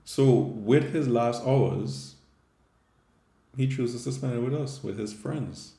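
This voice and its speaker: A man's voice: mid-range voice, slow, gravelly, mellow, echoey room. A man with a Caribbean English accent, a Catholic theologian and teacher, giving a conversational scripture reflection with frequent tag questions.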